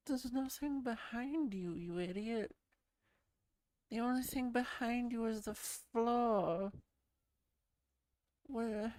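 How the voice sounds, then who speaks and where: A woman's voice: a little high, a little mellow, clear, resonant tone, dry recording. A sleepy woman streamer chatting casually with her chat, giggling and rambling as she laughs at herself. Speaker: VRChat streamer.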